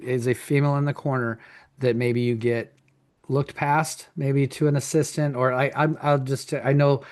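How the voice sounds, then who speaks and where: A man's voice: mid-range voice, a little mellow. A man hosting a wrestling podcast, asking long rambling questions and trading coaching stories. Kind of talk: casual interview chat.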